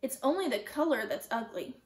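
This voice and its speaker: Imaginative young girl, voiced by a woman, playful, reassuring, high pitch, roomy sound. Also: lively intonation, a little fast. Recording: roomy echo.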